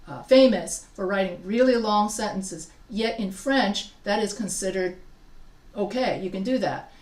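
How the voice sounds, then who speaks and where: A woman's voice: medium pitch, a little slow, darkish tone. A woman teaching a writing class, talking casually with many restarts and often checking in with her students. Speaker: writing instructor. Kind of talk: live class lecture. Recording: echoey room, voice from far off.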